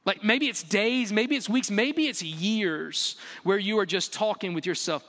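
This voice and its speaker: A man preaching a sermon as a pastor, animated and full of rhetorical questions, acting out bits of dialogue with humor. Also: high voice, a little slow, few pauses. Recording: long reverb of a large hall.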